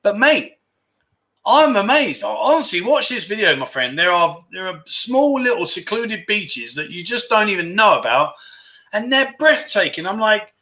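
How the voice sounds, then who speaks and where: A middle-aged man, talking on a relaxed livestream. His voice is bright and a little high, and his chat is upbeat and rambling. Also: normal speed. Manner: chatty, enthusiastic, repeats words for emphasis. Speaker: livestream host. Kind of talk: casual livestream chat reading viewer comments.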